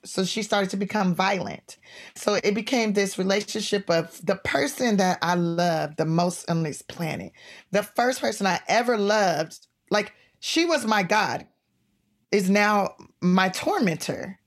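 A middle-aged woman comedian telling stories in a casual interview, animated and laughing, acting out voices in her anecdotes. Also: mid-range voice, a little slow. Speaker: comedian and guest.

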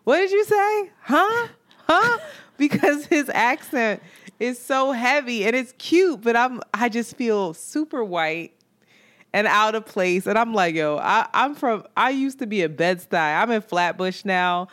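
A woman podcast co-host telling a dating story in casual chat, animated, laughing often and swearing casually. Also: on the high side, unhurried. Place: Brooklyn, New York.

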